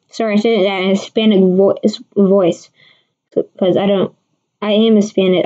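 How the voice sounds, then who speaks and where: The amateur forecaster talks in a warm, medium-pitched voice on her casual weather livestream. She keeps restarting and rambling as she responds to viewers, and the sound is dull lo-fi.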